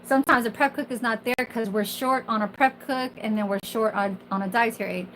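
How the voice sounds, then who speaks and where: A woman's voice: on the high side, a little fast, fairly bright tone, a little hiss or hum, poor audio. A woman in her forties, a kitchen worker, venting in a casual, rambling monologue full of fillers and swearing. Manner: candid, profane, rambling with many fillers.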